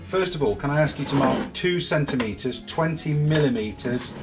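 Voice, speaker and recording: Outdoors at a boatyard in light rain, a vlog host patiently guides his son through a hands-on boat repair step by step. His voice is a little high and expressive, at a moderate pace, with loud music playing over it.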